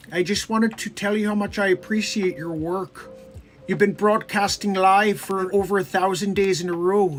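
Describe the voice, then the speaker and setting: A man's voice: sits high, lightly acted. A man doing a comedy impression of an earnest male psychology professor.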